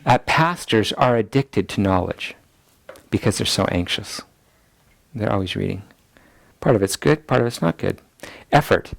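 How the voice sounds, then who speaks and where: A man's voice: lowish voice, expressive, moderate pace, creaky, long pauses. A man teaching a ministry school class, repeating key points so listeners can note them down. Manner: acts out people's anxious inner voices in quotes. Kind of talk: teaching lecture.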